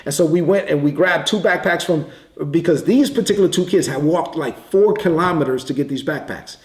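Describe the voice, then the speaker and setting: A man preaching in a conversational way, telling a story with quick bursts and repeated words. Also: on the high side, darkish tone. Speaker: pastor. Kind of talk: sermon storytelling. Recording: echoey room.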